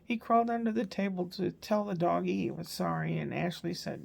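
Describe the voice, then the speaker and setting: A woman's voice: lowish voice, a little fast, gravelly, darkish tone, husky. An older woman, a grandmother, chatting casually through her day in a meandering, storytelling vlog. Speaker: grandmother vlogger. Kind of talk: casual rambling daily recap.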